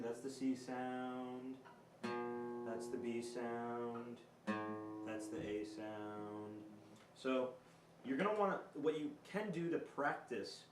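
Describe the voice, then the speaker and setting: A man giving a casual guitar lesson in a loose, chatty way with filler words. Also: medium pitch. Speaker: guitar teacher. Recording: roomy, distant mic with guitar playing. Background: guitar notes played between phrases.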